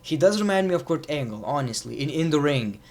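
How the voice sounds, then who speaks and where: Chatty, opinionated man with a slightly high voice. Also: expressive, quick pace. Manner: chatty and opinionated, with sarcastic asides. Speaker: wrestling show reviewer. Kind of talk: casual video review.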